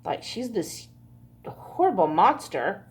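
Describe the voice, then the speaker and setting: A woman's voice: medium pitch, sing-song, takes it slowly, darkish tone. A woman giving a casual pick-a-card tarot reading, chatty and laughing often, with frequent swearing. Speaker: tarot reader.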